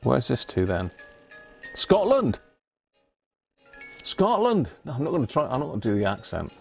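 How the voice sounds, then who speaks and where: A man's voice: medium pitch, lively intonation, rapid-fire, creaky, soft background music. A British man hosting a casual live stream, chatty and jokey, often reading labels aloud as he goes. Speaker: radio repair live-stream host.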